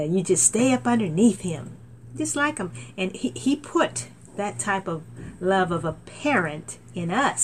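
A middle-aged woman minister preaching a sermon with fervent, animated delivery, often saying amen, recorded on a laptop. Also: lowish voice, a little hiss or hum. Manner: fervent, animated, frequent amens. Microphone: laptop mic.

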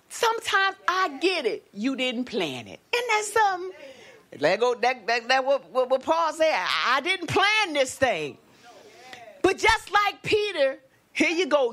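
A woman preacher delivering a sermon with lively call-and-response exclamations and a Black lilt. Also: high voice.

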